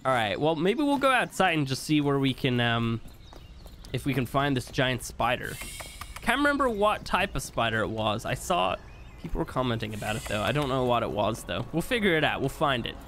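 A man's voice: medium pitch, very animated, brisk, fairly bright tone, slight background noise. A man giving chatty let's play commentary as he plays, thinking aloud with plenty of fillers. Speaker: gaming video creator.

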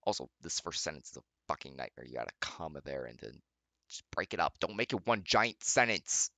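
A man's voice: extremely low pitch, sing-song, brisk, creaky, sharp tone, no echo. A young man, the channel's host, reading fanfiction aloud with sarcastic, exasperated commentary and mocking rants at his computer. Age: young adult.

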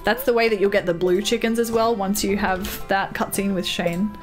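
A woman's voice: medium pitch, steady tone, moderate pace, soft background music. A woman live-streaming a farming game, chatting casually, reading and answering her chat with frequent giggles.

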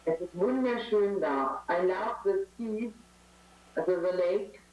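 A woman from northern Germany with a German accent answers interview questions over a video call in short, halting English that slips into German. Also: fairly low pitch, a little mellow. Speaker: interview guest. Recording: distant, roomy video-call audio.

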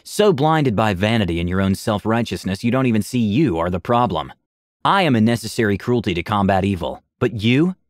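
A man voicing a cold, calm male lizard-folk gentleman with a silky, measured way of speaking. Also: fairly low pitch, dry recording, clean studio sound. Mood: scornful. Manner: measured, composed.

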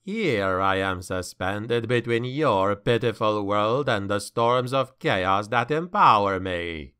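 A man voicing a mocking ancient male demon in an audiobook, speaking slowly and with cruel menace. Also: on the low side, animated, pushed and bright, clear, resonant tone, voice pushed down, heavily acted. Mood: gloating menace. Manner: slow, menacing, gloating.

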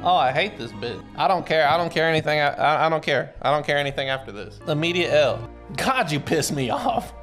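A man streaming live, reacting casually and excitably while he reads, swearing freely and breaking into sudden shouts. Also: a little high, fairly quick, soft background music.

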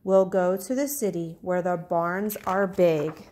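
A woman voicing a grumpy male farm pig in a storybook read-aloud, squealing high as he complains. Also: fairly even intonation, unhurried, mellow. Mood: eager.

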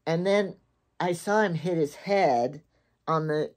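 A woman's voice: low-pitched, slow, darkish tone. An older woman in casual, rambling chat, talking through a shopping haul as she goes. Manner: chatty, rambling, thinks aloud and repeats herself. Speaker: shopping vlogger.

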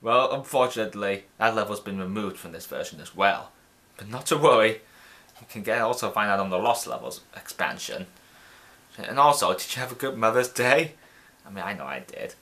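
A man's voice: on the low side, brisk. Chatty man rambling over gameplay. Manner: rambling, chatty, excitable, with frequent restarts. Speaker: let's play host. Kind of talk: casual gameplay commentary.

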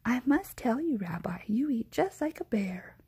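A woman's voice: fairly high pitch, big pitch swings, moderate pace, breathy edge, voice pushed up, heavily acted. Woman whispering as a doting old grandmother. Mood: cheerful. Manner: soft, doting and chatty. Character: kindly fussy old grandmother hosting a guest. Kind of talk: whispered role-play.

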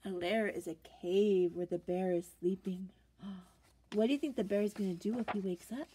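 A woman reading a picture book aloud to children, animated and stopping to ask them questions. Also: medium pitch, moderate pace, breathy edge.

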